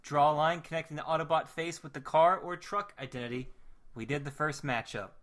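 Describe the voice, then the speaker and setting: A man hosting a relaxed podcast about an old coloring book. He talks in a bright, forceful voice pitched a little high. He rambles into jokes and chuckles at his own asides. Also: fairly quick. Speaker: podcast host. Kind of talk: casual chat reviewing a coloring book.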